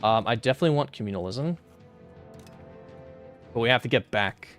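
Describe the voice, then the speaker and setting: A man's voice: mid-range voice, expressive, brisk, a bit bright. Young guy muttering thru a strategy game, voice jumps around a lot, some faint music under it. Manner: thinks aloud, mutters, flares into exasperated rants. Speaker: streamer playing a strategy game. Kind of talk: casual gameplay commentary.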